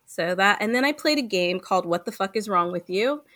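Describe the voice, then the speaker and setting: A woman co-hosting a casual gaming podcast, chatty and quick, full of fillers and easy laughter. Her mid-range voice sits close and dry, with no room sound around it. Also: mid-range voice, animated, fairly bright tone, dry recording. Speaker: podcast co-host. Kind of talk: casual chat.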